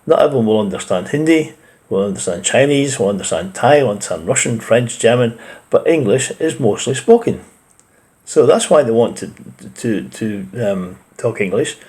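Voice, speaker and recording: Blunt Scottish man, mid-pitched. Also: lively intonation, moderate pace, darkish tone. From Scotland. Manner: blunt and opinionated, with mild swearing. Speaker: reaction video host. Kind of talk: casual commentary.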